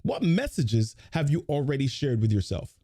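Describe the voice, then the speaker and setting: A man's voice: medium pitch, very animated, moderate pace, dark tone. A man hosting a morning motivational live stream, greeting viewers by name and leading them through repeated affirmations with energy. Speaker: host of a motivational live show.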